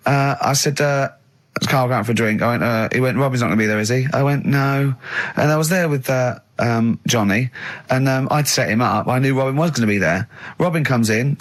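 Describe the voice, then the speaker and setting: A radio host telling an animated anecdote in casual studio banter. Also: male voice, mid-range voice. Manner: animated storytelling with laughter.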